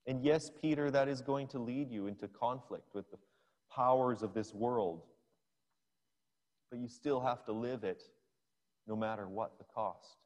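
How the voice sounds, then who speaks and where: A man's voice: mid-range voice, measured pace, long pauses, darkish tone, close to an everyday voice. A man voicing Jesus as an earnest male teacher firmly rebuking a follower. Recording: long hall reverb.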